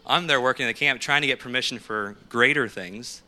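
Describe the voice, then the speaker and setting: A man speaking from a podium as a missionary, telling lively anecdotes and acting out what people said. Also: mid-range voice, a little fast. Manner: lively anecdotal storyteller who acts out quotes. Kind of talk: storytelling sermon.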